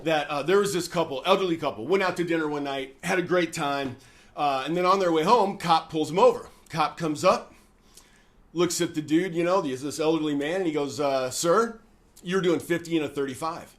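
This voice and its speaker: Animated, high-voiced man telling a joke. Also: fairly quick. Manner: folksy, animated storyteller with lots of fillers. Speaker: host; former pastor. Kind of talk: casual chat with joke telling.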